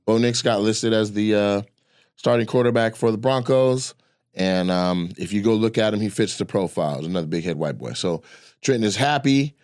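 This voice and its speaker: A man talking in a casual podcast chat, animated and loose, swearing freely. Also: on the low side, normal speed, dry recording, clean studio sound. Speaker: comedian and podcast guest.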